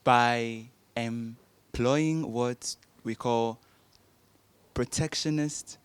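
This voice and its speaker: Slow, deliberate young man. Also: medium pitch, clear, resonant tone. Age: young adult. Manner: deliberate, searching for words, lecturing. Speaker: panel guest. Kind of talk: explanatory panel debate.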